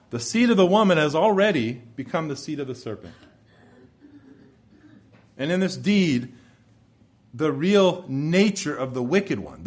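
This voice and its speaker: A man preaching a verse-by-verse sermon, his voice sitting a little above the usual male range. He speaks in a measured, emphatic way and lets his phrases sink low and soft as they close. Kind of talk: expository sermon.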